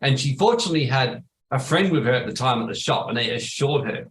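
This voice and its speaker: A man's voice: medium pitch, animated, fast, a bit bright. A man hosting a webinar, telling rambling, blunt anecdotes with some salty language. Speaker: webinar host. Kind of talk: casual storytelling. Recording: roomy echo with faint noise.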